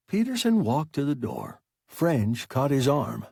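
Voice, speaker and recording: Slow, gravelly male storyteller. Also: mid-range voice, lively intonation, dark tone, no room sound, clean studio sound. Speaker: audiobook narrator. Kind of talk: scripted narration.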